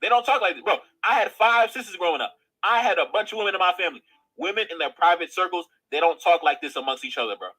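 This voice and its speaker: A man's voice: high voice, fast talker, bright, forceful tone, low-quality recording. A man giving blunt opinion commentary in a played clip, peppering his talk with "bro.". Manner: blunt, repeatedly says "bro".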